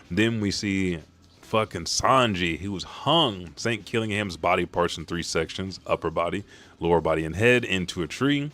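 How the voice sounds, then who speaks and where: A man with a low, deep voice recaps a manga chapter, excitable and loose, swearing often. He talks quickly and casually as he runs through the events.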